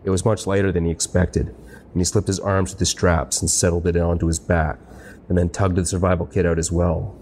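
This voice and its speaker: Deep, flat-voiced male audiobook narrator. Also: a little hiss or hum. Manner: steady, measured reading. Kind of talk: scripted sci-fi audiobook narration. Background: faint music score.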